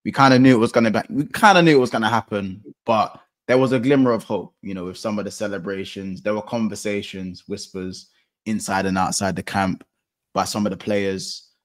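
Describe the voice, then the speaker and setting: A man with a fairly low voice chatting on a football podcast panel. He talks in a relaxed, rambling way, padding his points with fillers and laughing often. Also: fairly quick. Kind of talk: casual football banter.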